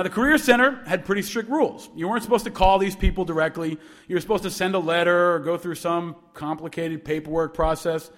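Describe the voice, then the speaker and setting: A man in his forties from New York giving a speech to students, telling a story with humor and playing both voices of a phone call. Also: sits high. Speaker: alumnus speaker.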